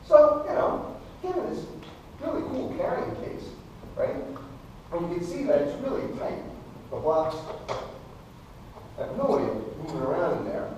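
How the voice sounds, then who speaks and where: Animated stage magician heard from afar. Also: medium pitch, normal speed, pauses often, recorded from a distance, a little hiss or hum. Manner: animated storytelling, mock panic. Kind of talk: comic stage patter with audience volunteers. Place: live show hall. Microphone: camera mic from the audience. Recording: echoey hall from afar, music behind.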